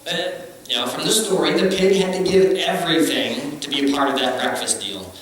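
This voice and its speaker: A man's voice: on the high side, normal speed, fairly bright tone. A man preaching a conversational, joking sermon in a church, recorded from a distance in an echoey hall. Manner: conversational, joking, acts out quotes. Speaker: pastor.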